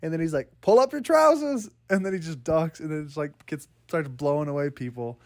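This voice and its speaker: A man's voice: fairly high pitch, a little fast, darkish tone. A man chatting casually about a movie as co-host, filling his speech with "like" and re-enacting scenes. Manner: heavy "like" filler, re-enacts scenes. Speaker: podcast co-host.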